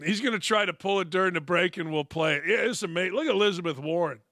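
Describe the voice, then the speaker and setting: A man's voice: sits high, fast, bright, forceful tone, no room sound, clean studio sound. A male sports talk show host delivering a blunt, profane, opinionated monologue full of sarcastic asides. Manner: brash, blunt, profane ranting; mocks others with sarcastic put-on quotes.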